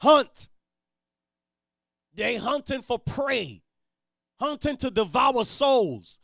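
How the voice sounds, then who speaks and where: Blunt high-voiced man preaching hard. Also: very animated, takes it slowly, gravelly, dry recording, clean studio sound. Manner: blunt, preachy, swings from mutters to shouts. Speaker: teacher leading a Bible reading. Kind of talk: street-style Bible teaching.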